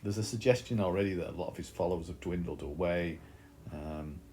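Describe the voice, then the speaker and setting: A man's voice: deep voice, fairly quick, darkish tone, slight background noise. A man teaching a literature lesson, explaining in a thoughtful way with frequent fillers.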